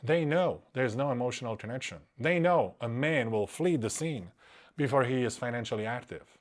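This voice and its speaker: A man's voice: medium pitch, lively intonation, normal speed. A man hosts a live stream as a dating coach, reading a story aloud and breaking in with commentary. His remarks are blunt, crude and mocking.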